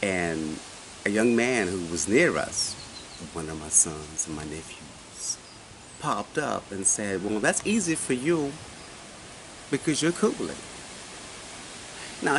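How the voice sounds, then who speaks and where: A man in his forties telling a personal story in casual chat, animated and often asking his listener questions. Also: mid-range voice, normal speed, vocal fry. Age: 40s. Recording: noisy recording.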